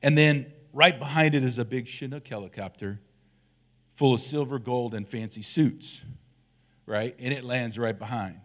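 A middle-aged man delivering a sermon as a church elder, at a medium pitch. He tells the story in a loose, conversational way and drops playful, self-deprecating jokes along the way. His manner is animated and lively. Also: normal speed.

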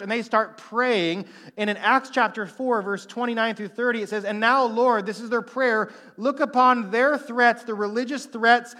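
A young man preaching a sermon, telling stories with lively acted-out quotes and dropping to a hush for emphasis. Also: very high voice. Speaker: pastor.

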